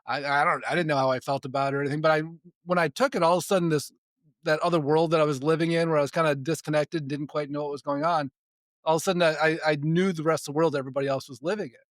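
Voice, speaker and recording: Relaxed man recounting stories, dry sound. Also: a little high, very fast, dry recording. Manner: frequent restarts and repeated words; chuckles between sentences. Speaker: podcast guest, spiritual development coach. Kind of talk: casual storytelling in conversation.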